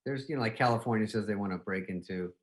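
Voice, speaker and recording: A man interviewing a comedian in a casual comedic chat. He is animated and laughs often, breaking into acted quotes. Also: fairly low pitch, fast.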